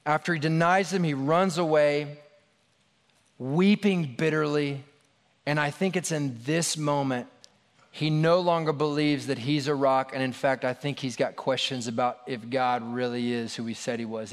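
A man's voice: medium pitch, fairly even intonation, normal speed. A man preaching a sermon in a conversational, storytelling way with casual asides, in a large hall. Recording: long hall reverb.

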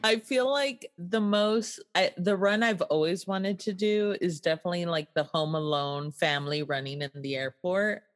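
A young woman in casual comedic chat, unhurried and laughing along with dry jokes. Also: on the low side.

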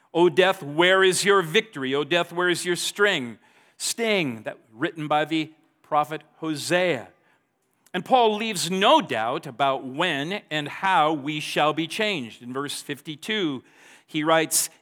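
A man's voice: on the high side, a bit bright. A man preaching a sermon, reading scripture aloud with emphasis and stumbling over restarts now and then. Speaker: pastor.

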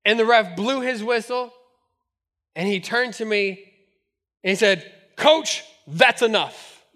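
High, bright-voiced animated male pastor. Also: a little slow. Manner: animated storytelling, laughing often. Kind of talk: sermon.

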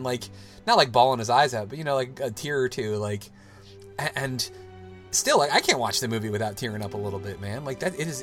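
Bright and mid-range, this man's voice carries a loose, rambling podcast conversation. He's in his thirties, hosting the casual chat and peppering it with "like" while restarting sentences often.

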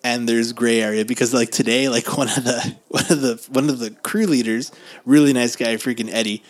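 A man's voice: mid-range voice, fairly even intonation, normal speed. A man telling workplace stories in casual chat, laughing often and restarting his sentences.

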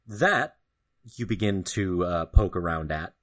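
A man narrating as game master of a tabletop game, slow and halting with many fillers. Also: sits low, animated.

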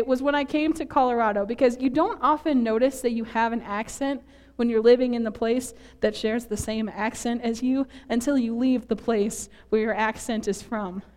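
A woman's voice: a little high, a little mellow. A woman from northern Minnesota preaching a sermon in a church, chatty and self-deprecating, laughing often at herself.

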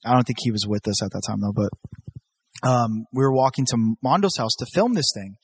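A man's voice: mid-range voice, fairly quick, breathy edge, no echo. A young man telling stories in a casual chat, swearing freely and jumping his voice up to act out what people said. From Southern California. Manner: profane, animated, acts out quotes in raised voice.

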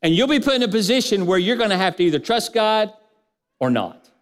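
A man preaching a sermon in a church, building repeated lists and rhetorical questions and letting his voice sink low at the ends of phrases. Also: big pitch swings, fairly quick, in a large hall. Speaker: pastor.

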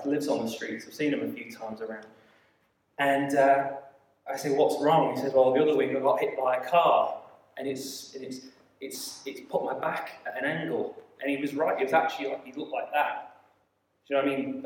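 A man preaching a sermon, telling a story in an animated way with quick asides and acted-out quoted voices. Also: medium pitch. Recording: echoey hall, mic at a distance.

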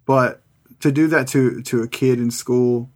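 A man's voice: medium pitch, fairly even intonation, a little slow, darkish tone. A man sitting in on a podcast, telling a story in a loose, casual way with plenty of swearing. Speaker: podcast guest co-host. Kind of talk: casual chat.

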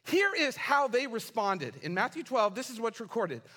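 Male pastor, high bright voice, casual and funny while preaching. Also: normal speed. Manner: animated, casual, humorous storytelling. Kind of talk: sermon. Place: church.

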